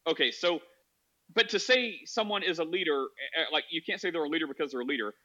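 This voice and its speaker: A man's voice: a little high, fast, bright, forceful tone, muffled recording. A man hosting a podcast, arguing his point in rambling casual talk with many restarts. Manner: rambling, restarts, quotes others in mocking voices. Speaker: podcast host. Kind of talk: casual debate chat.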